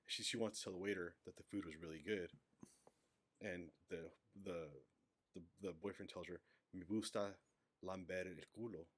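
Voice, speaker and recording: A man in his forties, a podcast guest, chatting in a relaxed, joking way. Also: deep voice, moderate pace. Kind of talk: casual chat.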